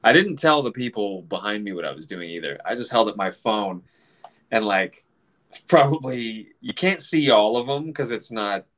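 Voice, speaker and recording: A man in his forties telling a casual story, animated, swearing freely and acting out other people's voices. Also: lowish voice, moderate pace.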